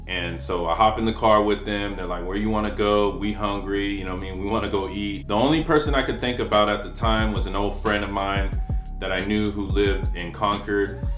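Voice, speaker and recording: A man's voice: lowish voice, fairly bright tone. A man in his forties telling a personal story in a casual, profane, conversational way, often saying "you know what I mean.". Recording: roomy echo with faint guitar music.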